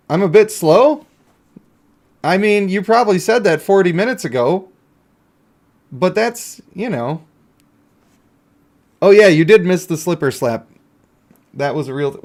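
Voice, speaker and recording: A man's voice: sits high, darkish tone. A male game streamer in casual live-stream commentary, chatty and joking as he talks to himself and his chat.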